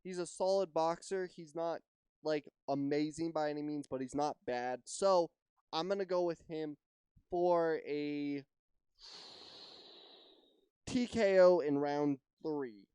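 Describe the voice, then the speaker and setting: A man hosting a solo podcast, chatting loosely and freely. His voice is smooth and clean, with a dry, close sound and no room around it. He rambles, hedges a lot and swears casually. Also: fairly high pitch, takes it slowly, long pauses, warm tone, dry recording. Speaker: podcast host.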